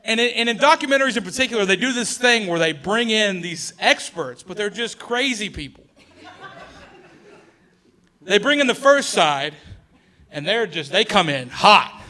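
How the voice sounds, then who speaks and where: A male stand-up comedian with a high, bright voice. He talks chattily on stage and corrects himself mid-sentence. He often laughs through his lines. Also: animated, normal speed. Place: comedy stage before an audience.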